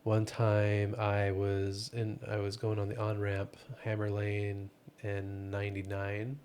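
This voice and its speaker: A young man co-hosting a podcast, telling relaxed, joking anecdotes in casual chat. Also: lowish voice, slow pace, a little hiss or hum. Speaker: podcast co-host.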